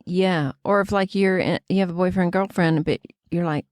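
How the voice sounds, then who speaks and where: A woman co-hosting a casual sports podcast, chiming in with quick reactions, questions and playful teasing. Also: lowish voice, steady tone, a little mellow, dry recording, clean studio sound. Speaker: podcast co-host.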